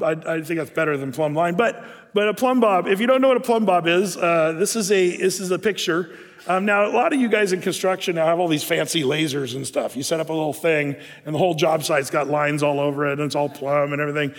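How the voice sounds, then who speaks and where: Pastor, middle-aged man, somewhat high voice, relaxed and rambling sermon delivery, long echo of a big hall. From Southern Oregon. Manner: conversational, many fillers and restarts.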